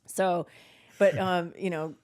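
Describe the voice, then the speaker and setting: A woman's voice: on the low side, slow. A middle-aged woman hosting a podcast, chatting casually and acting out quoted lines with frequent laughter. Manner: animated storyteller, acts out quotes, laughs often. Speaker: podcast host. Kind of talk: casual chat.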